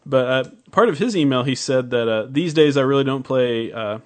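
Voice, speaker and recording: A man's voice: medium pitch, normal speed. A man co-hosting a casual podcast, reading listener emails aloud with stammering restarts. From United States. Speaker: podcast co-host.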